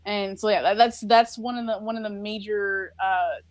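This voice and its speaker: A woman's voice: medium pitch, steady tone, moderate pace, dry recording. A woman speaking as a guest on a podcast, in an earnest, reflective casual conversation full of filler likes. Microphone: recorded over a live video call.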